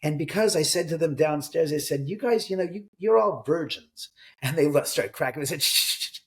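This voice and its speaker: A middle-aged man, an author and homeowner, telling animated stories in an interview and acting out what people said. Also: a little high, a little fast, husky. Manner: lively anecdotal storyteller, acts out dialogue.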